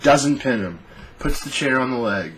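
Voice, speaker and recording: A young man ranting casually and profanely, rambling through a story with animated restarts. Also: mid-range voice, moderate pace, slight background noise, rough recording. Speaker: podcast host. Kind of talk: casual rant on fantasy booking.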